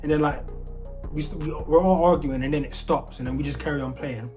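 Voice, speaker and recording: A man's voice: a little high, brisk, a little mellow, faint music behind. Rambling British man telling a story. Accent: British English with American traces. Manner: rambling, full of restarts and "like" fillers. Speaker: storyteller vlogger. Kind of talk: casual storytelling.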